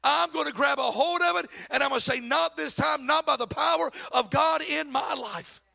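A man preaches a sermon in a very high, gravelly voice. His tone is bright and forceful. He slides from low asides into shouted exhortation and acts out the voices he quotes with mocking flair. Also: brisk. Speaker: pastor.

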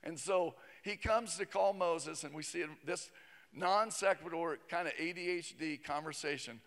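High-voiced pastor preaching in a hall. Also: male voice, normal speed, a bit bright. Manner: conversational, joking asides. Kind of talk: sermon. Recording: long reverb of a large hall.

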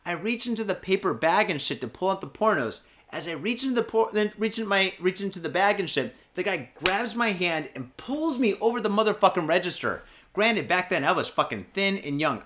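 Bright, animated profane podcast guy. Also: fairly high pitch, fairly quick. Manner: profane, peppers speech with "and shit" and "fucking"; animated, shouts out quoted lines. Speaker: podcast host. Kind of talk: casual podcast storytelling.

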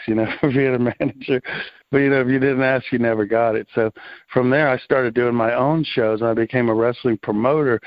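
A man's voice: mid-range voice, dry recording. A middle-aged man, a guest in a casual interview, telling rambling, laid-back stories full of fillers and slang. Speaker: interview guest, former wrestling promoter. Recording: slightly dull, dry lo-fi sound.

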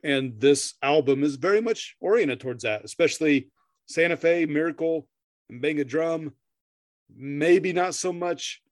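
A man's voice: on the high side, a little slow, no room sound, clean studio sound. A middle-aged man co-hosting a podcast in casual chat, rambling, swearing freely, laughing often and stammering through restarts. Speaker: podcast co-host.

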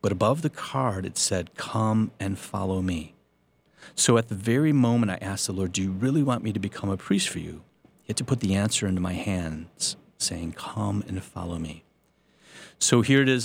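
A man, a Catholic priest, telling his personal faith testimony with earnest storytelling and self-deprecating humor. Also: on the low side.

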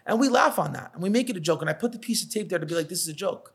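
Brief: thirties male business owner, sweary, animated raconteur, slightly high voice. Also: very fast, slightly rough. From New York. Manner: profane, animated storytelling, acts out quotes. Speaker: catering business owner, podcast guest. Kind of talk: casual podcast conversation.

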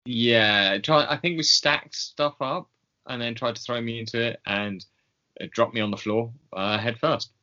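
Bright, wry man on a podcast. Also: mid-range voice, measured pace. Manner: wry, laughing, animated when opinionated. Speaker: podcast co-host. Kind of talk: casual chat. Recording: dull lo-fi podcast audio.

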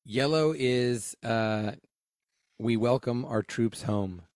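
A man co-hosting a podcast, reading out reviews and cracking deadpan jokes in casual chat. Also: medium pitch, slow pace, no echo, clean studio sound.

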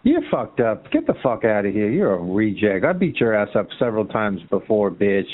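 A man's voice: big pitch swings, normal speed. Taunting man on a tinny phone line. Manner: taunting, mocking, swinging into a shrill sneer. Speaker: chat line caller. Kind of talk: heated phone argument.

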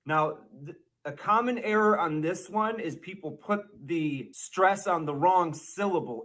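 A man narrating a mock language lesson, slowly sounding out made-up words. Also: on the high side, a bit bright. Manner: slow, exaggerated spelling-out of made-up words.

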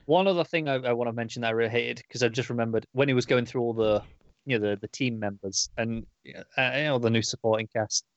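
A man's voice: medium pitch, quick pace, dry recording. A man casually recapping a comic book issue on a podcast, rambling with lots of fillers and restarts. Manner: rambling, many fillers, acts out quoted lines. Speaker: podcast co-host. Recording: dull, dry, lo-fi audio.

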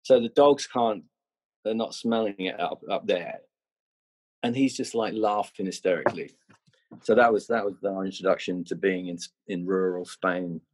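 Middle-aged male guest, low, husky, chatty rambling storyteller. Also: normal speed. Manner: rambling, many restarts and "you know"s. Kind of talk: anecdotal storytelling.

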